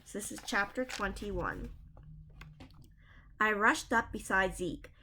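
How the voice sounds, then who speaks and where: A woman's voice: mid-range voice, takes it slowly, bright, forceful tone. Woman reading a spooky children's book. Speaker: reader.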